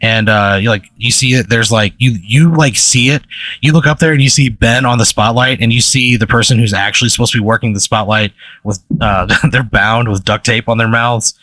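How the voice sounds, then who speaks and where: A man's voice: mid-range voice, brisk, pushed and bright, no room sound. A man telling a long, rambling comedic story in casual chat, full of "like" and "right?".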